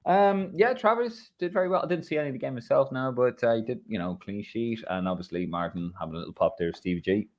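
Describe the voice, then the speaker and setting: An Irish man hosts a live football podcast with his mates. He chats loosely, full of banter and the odd swear word, and his pitch jumps about a lot as he talks. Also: fast talker, few pauses, muffled recording. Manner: banter-filled, swears, lively swings in pitch. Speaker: podcast host. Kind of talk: casual football chat.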